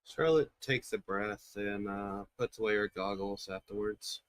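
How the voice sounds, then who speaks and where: A man narrates his character's actions in a tabletop game. His voice is low, recorded dry and close. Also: a little slow, no room sound. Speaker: player.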